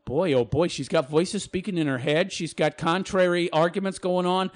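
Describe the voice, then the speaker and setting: A man's voice: sits high, moderate pace, hardly any pauses. A man ranting in a reaction commentary, crude and sneering, swearing heavily.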